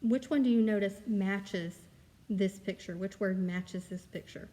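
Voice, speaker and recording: A woman's voice: medium pitch, unhurried, dark tone. A woman teaching kindergarten in a recorded lesson, explaining each step patiently and encouraging the children. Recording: long reverb, echoey room.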